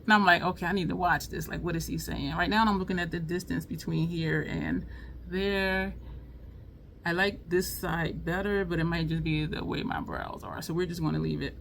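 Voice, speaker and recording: A beauty vlogger with a creaky voice does her makeup while casually telling a funny story at a normal speed. She's chatty and laughs a lot, her pitch swinging lively, with faint noise in the background.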